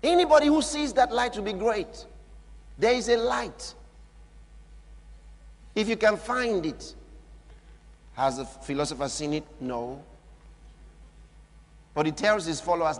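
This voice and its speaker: A male preacher delivering a sermon in a high, lively, husky voice. He drops to near-whispers, then builds to shouts. The sound carries a long reverb, as in a large hall. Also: a little slow, long pauses. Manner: dramatic swings from soft murmurs to shouts.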